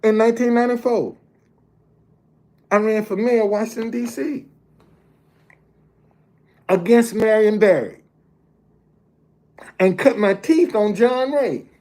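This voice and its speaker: Slow and warm, with a high-sitting voice and frequent pauses, an older man, fifty or beyond, narrates a personal story as a motivational speaker. He addresses the listeners directly and simply, often repeating words to build up a point.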